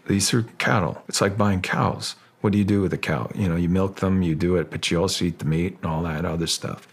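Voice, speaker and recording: A middle-aged man with a low, husky voice talks casually as an interview guest. He halts and restarts his sentences often, then warms into an animated storytelling flow. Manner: halting, restarts often, grows animated while telling a story. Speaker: podcast guest, actor.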